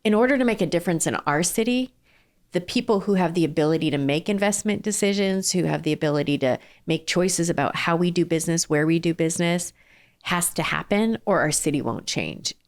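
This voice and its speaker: A middle-aged woman from southern California who founded and runs an ice cream company speaks as a guest in a casual interview. Her fairly low voice is animated and a bit fast, and she talks earnestly with many fillers and restarts.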